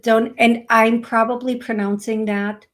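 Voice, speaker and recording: A woman hosting a live psychic reading stream, talking slowly and affectionately to viewers, with many fillers while she reads comments. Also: fairly high pitch, level tone, fairly bright tone. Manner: slow, soothing, affectionate. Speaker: psychic medium host.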